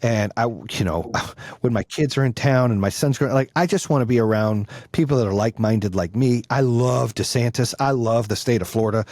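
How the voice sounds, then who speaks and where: A man's voice: medium pitch, fairly quick, darkish tone, dry recording. A middle-aged man talking as a podcast guest in casual conversation, blunt and heated, swearing freely and repeating his points for force.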